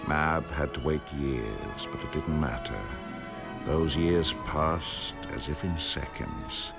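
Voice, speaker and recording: An actor playing an older wizard who narrates his own story in a measured, solemn storytelling voice. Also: very deep voice, heavily acted. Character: older male wizard recalling his life. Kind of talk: film narration. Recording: music under narration.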